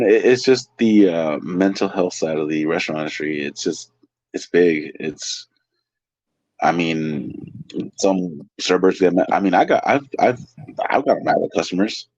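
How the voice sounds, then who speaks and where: A man's voice: low-pitched, a little mellow, husky, no room sound. A man from California, a waiter, telling loose, profane stories in a casual interview. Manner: profane, loose anecdotal storytelling. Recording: dry, slightly muffled.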